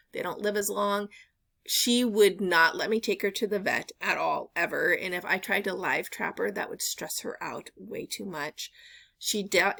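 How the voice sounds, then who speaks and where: Gravelly-voiced woman chatting casually. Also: lowish voice, fairly bright tone. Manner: rambling storytelling with many fillers. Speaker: reseller vlogger. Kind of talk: casual chat.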